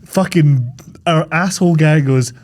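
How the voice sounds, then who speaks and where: A man's voice: fairly high pitch, a little slow, background noise. A man co-hosting a casual film podcast, telling stories with energy and acting out quoted lines in a studio. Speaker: podcast co-host. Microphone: studio podcast mic.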